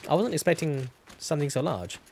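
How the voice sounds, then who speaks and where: A man's voice: fairly high pitch, sing-song, brisk, gravelly, a little mellow, slight background noise. A young man chatting casually while streaming a game, rambling and correcting himself as he goes. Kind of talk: casual gameplay commentary.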